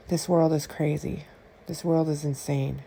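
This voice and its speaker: A woman vlogging, telling a personal story to her viewers in an indignant, animated way with quick asides. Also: sits low, creaky, slight background noise. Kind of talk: casual storytelling to camera.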